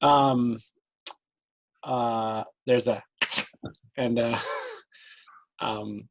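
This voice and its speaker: A man's voice: medium pitch, steady tone, extremely slow, vocal fry, a little hiss or hum, rough recording. A man narrating as game master of a tabletop game, hesitant with many fillers.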